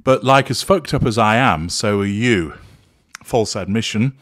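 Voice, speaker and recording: A man narrating a clinical, measured analysis of a recorded argument, naming each tactic as he goes. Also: on the low side, fairly bright tone. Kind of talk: analytical voice-over commentary.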